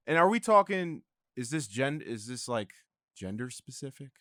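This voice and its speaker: A young man talking casually as a podcast guest, animated and quick to laugh, often restarting his sentences. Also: mid-range voice, no room sound, studio quality.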